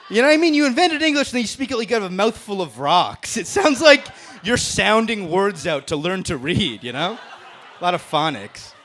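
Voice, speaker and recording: A man's voice: high voice, a bit bright, slight background noise. A man doing a brash, profane stand-up roast set on a comedy club stage, laughing at his own jokes. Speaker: stand-up comic in a roast battle.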